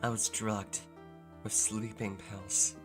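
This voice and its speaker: A woman's voice: level tone, loud music behind the voice. Woman voicing a vengeful murdered spirit. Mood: menacing. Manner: slow, low and menacing.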